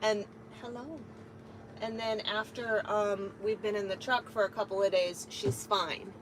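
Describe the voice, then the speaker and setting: A woman's voice: mid-range voice, fairly even intonation, measured pace. Chatty woman trucker in a noisy cab. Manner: chatty, talks to her cat and viewers. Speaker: truck driver streamer. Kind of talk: casual live-stream chat.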